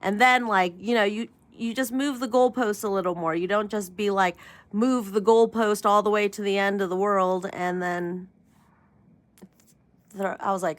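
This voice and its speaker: A woman's voice: medium pitch, fairly even intonation, a little slow. A woman hosting her own tarot channel, chatting casually in a rambling way, laughing often and poking fun at herself. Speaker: tarot reader and channel host. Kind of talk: casual spiritual vlog chat.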